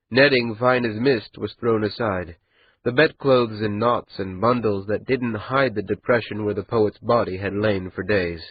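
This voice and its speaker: Slow, husky male audiobook narrator. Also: medium pitch, dry recording, dull audio. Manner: measured, unhurried reading. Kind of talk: scripted narration.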